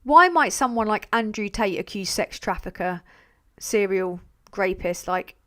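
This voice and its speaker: A woman's voice: medium pitch, animated, a little slow, a bit bright. A woman hosting a live stream, talking bluntly with frequent swearing, rambling between points and reading out viewer messages. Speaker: livestream host.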